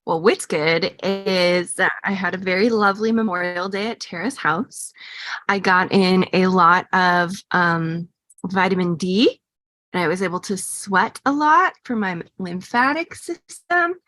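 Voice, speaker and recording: A woman's voice: fairly low pitch, a little slow, fairly bright tone, no echo. A woman co-hosting a podcast, chatting casually and gushing with enthusiasm. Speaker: podcast co-host. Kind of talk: casual chat.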